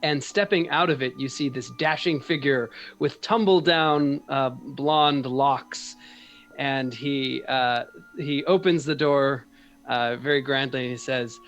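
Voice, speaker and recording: Brief: man running a tabletop game, halting and descriptive. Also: mid-range voice, a bit bright, soft background music. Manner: hesitant, with many fillers. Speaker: game master.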